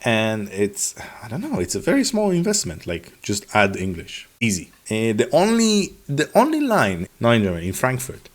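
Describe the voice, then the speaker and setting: A man talking casually to camera in a vlog, sarcastic and animated, acting out officials' replies in mock voices. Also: mid-range voice, normal speed, few pauses. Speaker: vlogger.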